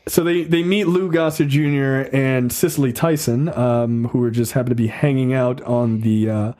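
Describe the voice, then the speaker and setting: A man's voice: medium pitch, fairly even intonation, moderate pace, mellow. A man co-hosting a casual movie review podcast, recapping scenes with loose, profane humor. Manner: profane, summarizing scenes with acted-out quotes. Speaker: podcast co-host.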